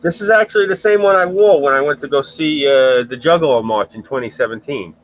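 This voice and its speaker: A man's voice: a little high, brisk, dry recording, poor audio. Blunt, profane man telling stories. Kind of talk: casual chat.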